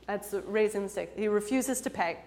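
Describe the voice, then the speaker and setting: A woman's voice: mid-range voice, brisk, a little mellow. A woman in her twenties telling a personal story to an audience, chatty and self-deprecating, laughing often between many fillers. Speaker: storyteller and improv performer. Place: lecture hall. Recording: long hall reverb.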